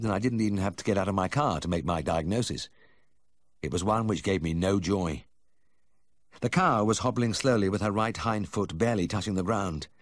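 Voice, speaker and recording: A man reads a first-person memoir in a measured, expressive storytelling manner. His low voice moves through a lively range of pitch. It is recorded close on a studio mic and sounds dry. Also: no room sound. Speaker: audiobook narrator. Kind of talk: scripted first-person narration.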